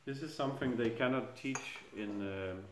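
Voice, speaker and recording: A man's voice: mid-range voice, moderate pace, background noise. A middle-aged man giving an informal scripture class in a temple hall, speaking hesitantly and chuckling at his own jokes. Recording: echoey room.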